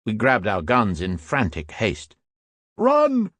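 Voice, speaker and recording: A man reading a war memoir aloud as steady, grave scripted narration. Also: on the low side, normal speed, no room sound, clean studio sound.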